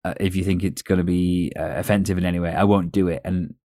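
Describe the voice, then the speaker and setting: A low-voiced man with a North West English accent hosts a casual podcast chat. He tells stories at length, laughing now and then. The sound is dry and close. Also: little pitch movement, fast, warm tone, dry recording. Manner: storytelling, chatty with laughs. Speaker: podcast host.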